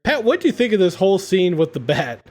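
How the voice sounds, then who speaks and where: A man's voice: high voice, big pitch swings, fast talker, darkish tone. A man hosting a casual podcast, retelling a comedy film scene by scene and laughing often. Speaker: podcast host.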